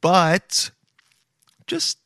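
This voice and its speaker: A man's voice: very slow, fairly bright tone, no room sound, studio quality. Rambling, profane comedy podcast man. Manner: profane, rambling, chummy, says dude a lot. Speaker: podcast host. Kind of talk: casual comedic monologue.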